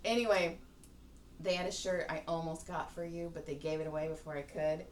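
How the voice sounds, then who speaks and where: A woman's voice: deep voice, fairly even intonation, fairly quick. A woman podcast host telling a rambling, profane story in casual chat. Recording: roomy, distant mic, faint hiss.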